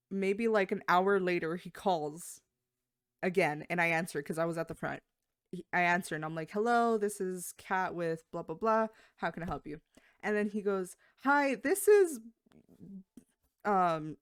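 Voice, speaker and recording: A woman co-hosting a podcast, telling a story in casual chat, acting out quotes with sudden jumps in pitch and lots of fillers. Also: fairly even intonation, normal speed, clear, resonant tone, no echo, clean studio sound. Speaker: podcast co-host.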